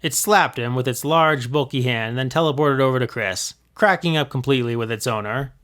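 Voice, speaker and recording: Male reader narrating fan fiction, expressive, middle pitch. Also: fairly quick. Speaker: reader of his own old fanfiction. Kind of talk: reading a story aloud.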